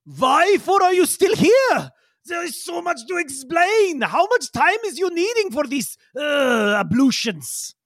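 A man's voice: very high-pitched, very animated, measured pace, fairly bright tone, no echo, studio quality, pitched above the performer's own voice, full character voice. A man voicing a grandiose, eccentric male alien professor who speaks in broken grammar and makes theatrical proclamations. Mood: impatient.

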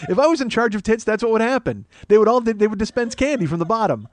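A man's voice: high voice, expressive, fast, slight background noise. A man in his forties hosting a comedic solo podcast, ranting in a rambling, exasperated, profane way. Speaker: podcast host.

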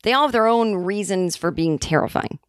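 A woman's voice: medium pitch, lively intonation, fairly quick, no echo, clean studio sound. A woman hosting a comedy podcast, rambling and self-interrupting through a sarcastic solo monologue. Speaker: podcast host.

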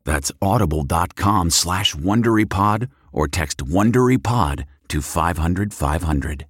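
A man reading a scripted promotional ad in a smooth, even delivery. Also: low voice, a little slow, dry recording, studio quality. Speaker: ad announcer. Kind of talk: scripted ad read.

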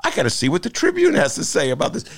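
A man's voice: fairly high pitch, huge pitch swings, racing, creaky. Rambling jokey male radio host. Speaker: radio talk show host. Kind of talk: casual talk radio banter. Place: radio studio. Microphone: studio microphone.

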